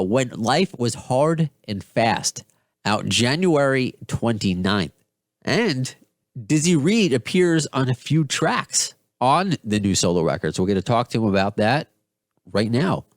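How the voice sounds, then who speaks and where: A male podcast host talks in a loose, excited ramble, backing up and restarting mid-sentence. His voice sits in a middle register, and the close studio sound is dry with no room echo. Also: medium pitch. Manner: rambling, enthusiastic, many restarts. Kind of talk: casual podcast talk.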